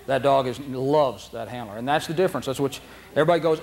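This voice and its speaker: A man's voice: medium pitch, fast talker, darkish tone, slight background noise. Man lecturing at a dog training seminar. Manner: anecdotal, laughs often, acts out dogs and handlers.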